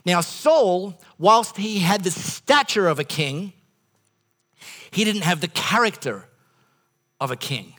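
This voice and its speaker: A man's voice: sits high, lively intonation, slow pace, pauses often, fairly bright tone. Aussie guy preaching, keeps going off on funny tangents, stumbles and restarts a lot. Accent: Australian. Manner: rambling, self-interrupting storyteller with comic asides. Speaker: pastor. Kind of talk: sermon.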